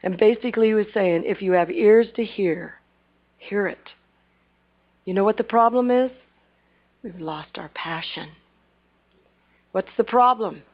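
A woman preaching a sermon, retelling Bible scenes and acting out their lines, swinging between loud bursts and hushed asides. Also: medium pitch, moderate pace. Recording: dull lo-fi recording.

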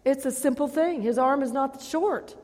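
A woman pastor preaching a sermon, calling out for amens and swinging between loud and hushed delivery. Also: high voice, normal speed, long reverb tail.

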